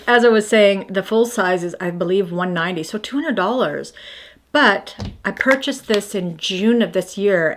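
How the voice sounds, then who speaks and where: A woman in her fifties chatting casually through her morning skincare routine, rambling and self-deprecating as she shows each product. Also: lowish voice. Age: 50s. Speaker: beauty vlogger.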